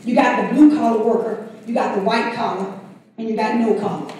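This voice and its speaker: A woman teaching a Bible study, conversational and quick to laugh, drawing responses from the congregation. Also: a little high, mellow, slight background noise. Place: church sanctuary. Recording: very echoey room from far off.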